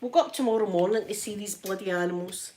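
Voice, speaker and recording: A woman's voice: medium pitch, fast talker, noisy background. A Scottish woman chatting casually to her viewers at home, talking freely and laughing often. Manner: chatty, laughs often, addresses chat by name. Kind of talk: casual live-stream chat while ironing.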